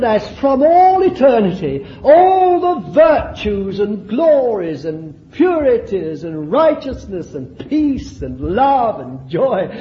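A man's voice: high voice, muffled recording, slight background noise. A man preaching a fervent sermon, exclaiming and laughing between points.

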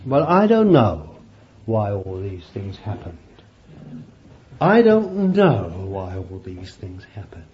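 A man preaching a sermon, animated and laughing often as he calls his listeners beloved. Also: on the low side, slow pace, lo-fi sound, slight background noise.

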